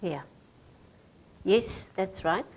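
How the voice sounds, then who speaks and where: A woman's voice: mid-range voice, very slow, slight background noise. A woman with a Namibian English accent leading a radio training workshop, asking the group questions, with hesitant fillers.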